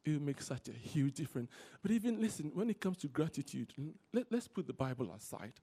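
A man preaching a sermon, repeating key words for emphasis and telling stories in an animated way. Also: on the high side, fairly quick, slightly rough. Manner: animated storytelling.

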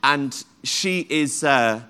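A man's voice: mid-range voice, expressive, very slow, pushed and bright, clear, resonant tone. A man preaching a sermon in church as the pastor, fervent and full of repeated praise calls. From London, England.

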